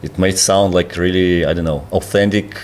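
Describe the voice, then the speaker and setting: Deep-voiced podcast host with playful quips. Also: steady tone, moderate pace, darkish tone. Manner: encouraging, lots of backchannel murmurs, playful quips. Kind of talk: casual interview chat.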